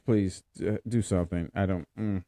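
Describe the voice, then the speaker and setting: A male podcast host talks in a low, mellow voice. He sounds exasperated and rambles, repeating himself as he chats. The sound is close and dry. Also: fairly even intonation, normal speed, no room sound. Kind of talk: casual podcast chat.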